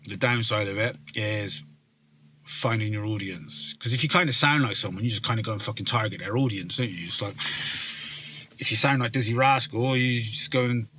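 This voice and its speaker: Bright-voiced Somerset man chatting casually. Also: on the low side, moderate pace, slight background noise. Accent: West Country English, Somerset. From South West England. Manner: swears freely, rambling with fillers and restarts. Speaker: rapper. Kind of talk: casual chat to camera.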